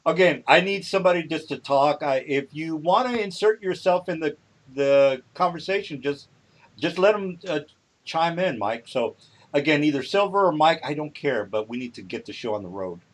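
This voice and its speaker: Casual male game master, halting. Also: a little high, expressive. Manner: casual, halting, many fillers. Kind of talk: running a tabletop game over voice chat.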